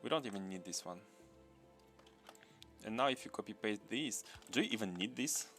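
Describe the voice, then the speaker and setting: A man with a somewhat low voice hosts a live gameplay stream. He thinks aloud as he plays, repeats his phrases and chats casually with viewers between chuckles. Faint music plays in the background. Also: expressive, normal speed, fairly bright tone. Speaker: gaming livestream host.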